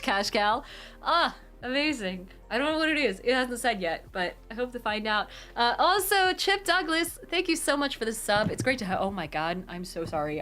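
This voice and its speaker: Chatty, animated young woman streamer. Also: fairly high pitch. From Pacific Northwest. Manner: chatty and animated, swears freely, laughs often, rambles with restarts. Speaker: live streamer. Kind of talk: casual live-stream chat, reading viewer comments.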